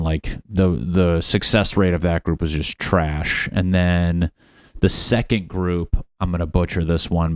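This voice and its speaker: A man's voice: deep voice, darkish tone, clear, resonant tone, dry recording, clean studio sound. A young man hosting a solo comedy podcast from home, rambling in a profane, self-deprecating way. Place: at home in his apartment.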